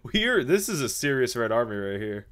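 A man's voice: mid-range voice, very animated, moderate pace, a bit bright. A man giving casual, joking commentary on a strategy game and chatting to his viewers. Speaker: gaming YouTuber.

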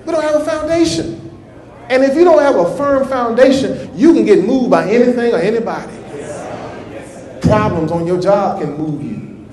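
A man's voice: extremely high pitch, lively intonation, moderate pace, darkish tone. A male minister preaching a sermon in church, folksy and repetitive, with a rhythmic delivery. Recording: echoey church room.

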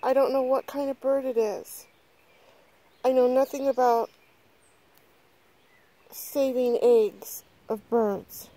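Middle-aged woman, phone vlog outdoors, slightly high voice, slow and drawn out, gushing and breathless with casual swearing. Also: fairly even intonation, warm tone. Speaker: vlogger. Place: outdoors in a yard. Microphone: handheld phone camera.

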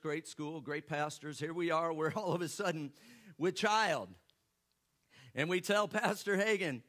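A man's voice: sits high, a bit bright. A man preaching a sermon, telling a personal story and joking with the congregation. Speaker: pastor.

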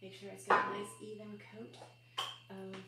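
A woman's voice: mid-range voice, monotone, normal speed. A woman hosting a live cooking stream from her home kitchen, chatting her way through each step and laughing off small slips. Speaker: livestream cooking host. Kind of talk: casual live cooking chat. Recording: echoey room, far from the mic, audible noise.

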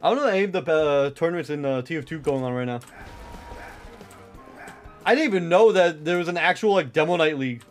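A young man with a high, very lively voice that leaps up and down as he comments on his own live gameplay. He rambles, swears freely and leans on filler words, and faint music plays underneath him. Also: brisk, long pauses. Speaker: streamer.

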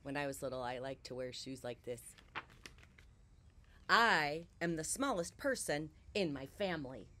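A deep-voiced woman sits on a porch outside reading a children's picture book aloud, swinging from quiet whispers to sudden loud outbursts.

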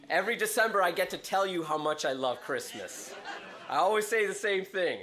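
Animated laughing preacher, lively voice. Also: male voice, sits high, moderate pace, some chatter behind. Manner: animated, laughing, mimics voices in his stories. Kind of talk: sermon. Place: church sanctuary.

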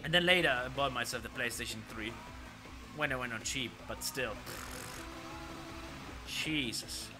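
A man streaming himself playing an arcade racing game, talking casually and excitedly to his viewers and swearing now and then. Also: mid-range voice, a little slow, long pauses. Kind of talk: live gameplay commentary. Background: arcade racing game music.

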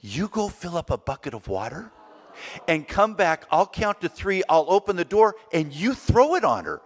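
A preacher doing a sly teenage big brother. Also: male voice, sits high, big pitch swings, moderate pace, heavily acted. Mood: scheming. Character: scheming teenage boy, older brother. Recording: long reverb of a large church hall.

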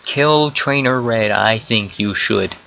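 A young man giving casual, excitable commentary while playing an online game, often swearing and exclaiming at what happens. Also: fairly low pitch, slow pace, vocal fry, slight background noise, poor audio. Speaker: gameplay commentator.

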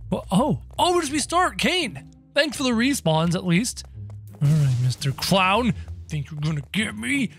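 A man giving playful, animated gameplay commentary in character as the game hero, breaking into sudden yelps and shouts. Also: high voice, normal speed. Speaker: gaming video creator. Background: game music.

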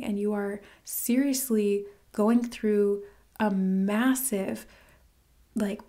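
Woman host, gushing spiritual tarot reader, dips into whispers, mellow tone. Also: medium pitch. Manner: earnest, gushing, whispers for emphasis. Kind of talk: casual spiritual reading to camera.

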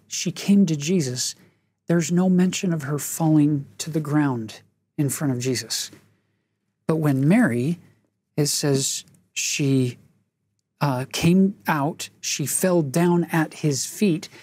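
Slow, husky-voiced woman teaching scripture. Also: deep voice, warm tone, no echo. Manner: reads verses aloud and comments earnestly; asks listeners reflective questions. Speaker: scripture study host. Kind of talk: scripture lesson discussion.

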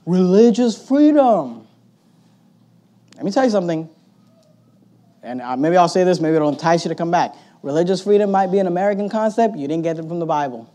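A male pastor preaching a sermon in an animated way, swinging between loud emphatic bursts and quiet asides, with a sarcastic edge. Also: high voice, a little fast, pauses often. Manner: sarcastic, mocking quoted opponents in put-on voices.

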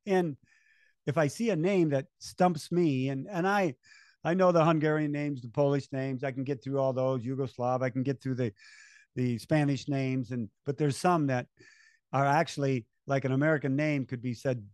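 A man's voice: mid-range voice, normal speed, no echo. Older man telling stories, dry close sound. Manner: animated storyteller, acts out quoted voices, chuckles. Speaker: race announcer guest. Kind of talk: conversational storytelling interview.

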